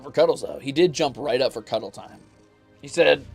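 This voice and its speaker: A man's voice: medium pitch, normal speed, vocal fry, slightly rough, soft background music. A man streaming from a room at home, chatting casually while he draws, swearing freely and teasing his cat in coaxing baby-talk. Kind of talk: casual live-stream chat while drawing.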